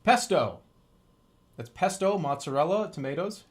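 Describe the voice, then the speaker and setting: A man's voice: fairly high pitch, expressive, a little slow. A streamer from Boston, joking and swearing in casual livestream chat while he eats, talking with his mouth full. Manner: joking, profane, reacts to chat.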